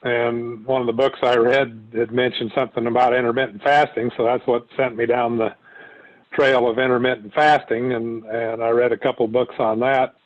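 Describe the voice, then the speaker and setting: A man guesting on an interview shares his weight loss story, talking casually and rambling with many restarts and fillers. His mid-range voice is level and moderately paced, heard over a tinny, phone-like line.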